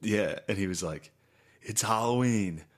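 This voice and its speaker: A lower-pitched man on a casual comedy podcast. He tells rambling anecdotes, laughs often and suddenly belts out other people's lines at full volume. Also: a little slow. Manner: storytelling, laughs easily, loud bursts when acting out people. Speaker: podcast co-host.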